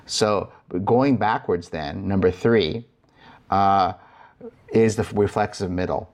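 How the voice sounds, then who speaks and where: A man teaching New Testament Greek in a recorded lecture, explaining step by step with frequent "uh"s and restarts. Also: fairly low pitch. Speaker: Greek instructor.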